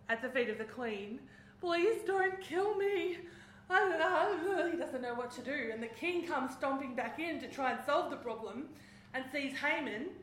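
A woman preaching, retelling a story in a lively way and acting out its voices. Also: a little high, slight background noise. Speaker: speaker. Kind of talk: sermon storytelling. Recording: echoey hall.

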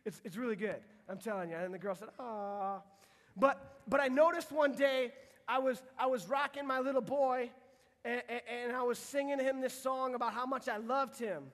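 A man's voice: very high voice, normal speed, a bit bright. A young man from the United States preaching casually and earnestly to teenagers as a youth pastor, often restarting his sentences. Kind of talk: sermon to teenagers. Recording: long hall reverb.

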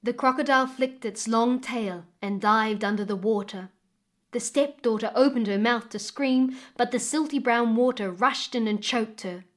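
A woman storyteller reading a folk tale aloud in a measured, expressive way. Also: on the high side. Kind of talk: storytelling narration.

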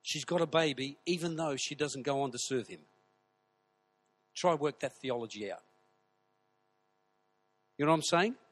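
A husky-voiced man preaching from the pulpit, swinging between quiet storytelling and loud, fiery outbursts. His voice sits a little high for a man. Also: normal speed, pauses often. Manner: animated storytelling, shouting at peaks. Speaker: pastor. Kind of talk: sermon.

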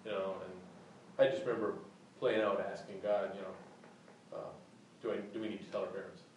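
A man's voice: low voice, level tone, darkish tone. Hesitant man, far off in an echoey room. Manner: hesitant, halting, many restarts. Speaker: class member. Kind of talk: personal story in a class discussion. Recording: distant mic in an echoey room, faint noise.

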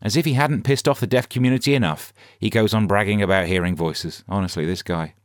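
A man hosting a scripted satirical news comedy podcast with a sarcastic, deadpan delivery. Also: fairly low pitch, quick pace, dry recording, studio quality.

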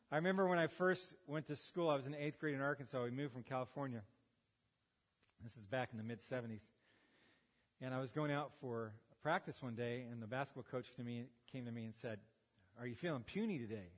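A man's voice: a little high, fairly bright tone, big-room sound. A man in his fifties, a pastor, preaching a sermon with folksy stories and self-deprecating humor. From United States. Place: church sanctuary. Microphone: handheld or headset microphone.

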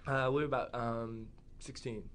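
A man's voice: mid-range voice, flat delivery, moderate pace, crowd noise. A young man chatting hesitantly as a guest, rambling, and singing his own songs. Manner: rambling, hesitant, soft-spoken. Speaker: guest musician.

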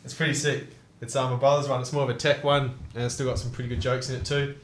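A young man hosting a casual podcast chat. He gets excited, swears a lot and laughs often. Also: mid-range voice, fast talker. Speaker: podcast host. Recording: roomy echo.

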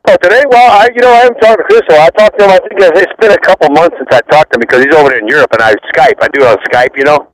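A man in his fifties, a former rock bassist, rambling through profane backstage stories and laughing often. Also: rapid-fire, hardly any pauses, rough recording. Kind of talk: casual interview storytelling.

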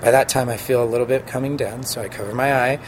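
A man's voice: medium pitch, fast talker, background noise. A man who spins signs, telling a story from his job in a casual interview, acting out the voices of the people in it. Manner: animated, acts out quoted voices, laughs while telling. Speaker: sign spinner guest.

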